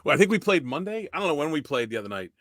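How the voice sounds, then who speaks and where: Chatty, bright-voiced man telling a rink story. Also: a little high, sing-song, racing, no room sound, clean studio sound. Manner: rambling storyteller, swears, laughs often. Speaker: podcast co-host. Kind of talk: casual chat.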